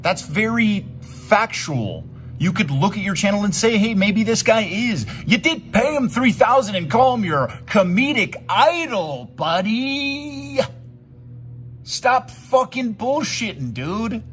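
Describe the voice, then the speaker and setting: A man's voice: high-pitched, sing-song, takes it slowly, fairly bright tone, faint music behind. A young man delivering an angry, profane rant at someone, mocking him and calling him "dude" again and again. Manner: heated, profane, mocking, repeatedly says "dude". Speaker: YouTuber responding to a video.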